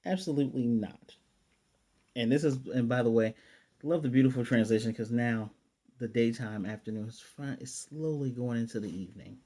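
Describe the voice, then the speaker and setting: A man giving a casual, chatty recap of an anime episode, loose and animated, with fillers and self-corrections. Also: medium pitch, fairly quick. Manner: animated retelling, often paraphrasing the characters' lines. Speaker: anime reviewer.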